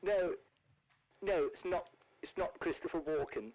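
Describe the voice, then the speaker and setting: A man's voice: high-pitched, unhurried, a little mellow, slight background noise, voice pushed up, rough recording. A man putting on the voice of a posh, theatrical older English actress who drawls and calls everyone darling. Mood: grandly theatrical. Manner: plummy, drawling, calls people darling and dear. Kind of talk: comedic celebrity impression.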